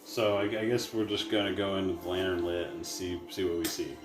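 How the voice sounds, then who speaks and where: Deep-voiced male player, roomy sound. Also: little pitch movement, brisk, over music. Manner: questioning, planning aloud. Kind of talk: casual tabletop game chat.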